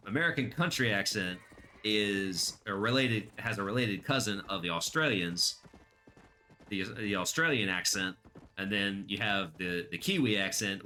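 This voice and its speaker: A man's voice: fairly low pitch, sharp tone, slight background noise. A man streaming a video game, chatting casually and joking in rambling asides into his desk microphone. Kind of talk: casual live-stream commentary.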